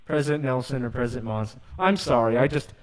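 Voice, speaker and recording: A man's voice: medium pitch, lively intonation, fast, low-quality recording. A man hosting a call-in show, earnest and apologetic, with nervous laughs. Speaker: radio show host.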